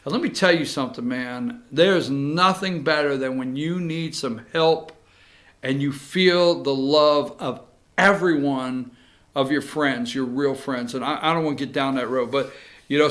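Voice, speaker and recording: A man hosting a talk show, giving animated, sarcastic commentary with asides to his producer. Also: mid-range voice, normal speed. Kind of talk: casual commentary.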